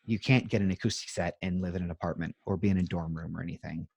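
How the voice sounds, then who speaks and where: A low-voiced man in his thirties talks over a video call from his home music room. He rambles in a self-deprecating way, with lots of ums and uhs. The sound is dry and close. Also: steady tone, fast talker, creaky, a little mellow, breathy edge, dry recording. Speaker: interview guest. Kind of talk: casual chat.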